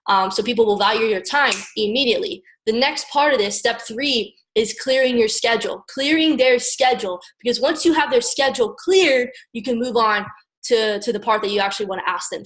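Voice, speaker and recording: An energetic young woman from Maryland coaches her team in a casual motivational talk. Her voice sits a little high, and she keeps checking in with her listeners and acts out phone calls. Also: poor audio. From Maryland, USA. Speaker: network marketing team leader.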